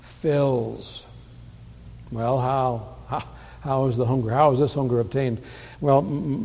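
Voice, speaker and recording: Male preacher, mid-pitched, earnest sermon delivery with swings from quiet to loud, echoing sanctuary sound. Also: steady tone, takes it slowly, vocal fry. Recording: long hall reverb.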